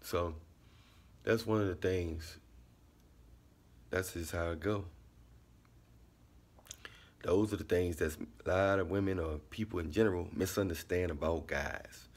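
Man, low husky voice, relaxed repetitive monologue. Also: unhurried, pauses often. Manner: laid-back, repetitive, drops into quiet asides. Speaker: vlogger giving life commentary. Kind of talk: casual monologue.

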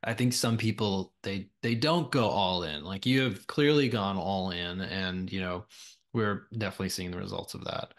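A man's voice: deep voice, normal speed. A man hosting a podcast, chatting casually and affirming his guest. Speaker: podcast host. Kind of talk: casual interview chat.

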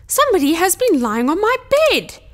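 A woman voicing a big, gruff father bear in a bedtime storybook reading. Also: very high voice, big pitch swings, moderate pace, fairly bright tone, voice pushed up, heavily acted. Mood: indignant. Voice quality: gruff, growling.

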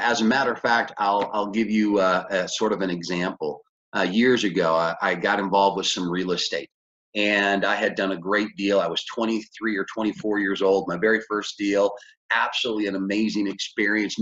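A man's voice: a bit bright, muffled recording. A man coaching business owners, telling a story in a conversational way and acting out the dialogue. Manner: conversational, acts out dialogue with big pitch jumps. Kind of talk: motivational storytelling lecture.

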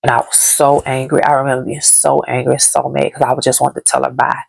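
Grieving woman with a gravelly voice. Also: rumbling low, flat delivery, a little fast, no room sound. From Dallas, Texas. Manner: heavy, repetitive, grief-laden retelling. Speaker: vlogger. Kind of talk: emotional story time.

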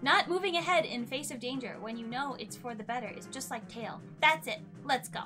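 A woman streamer giving casual let's-play commentary, chatty and talking to herself and the game, swinging between nervous and excited. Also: sits high, a little fast, faint music behind.

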